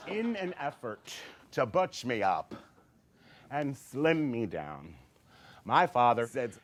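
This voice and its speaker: A man doing comedic storytelling, campy and animated, acting out voices. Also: medium pitch, takes it slowly.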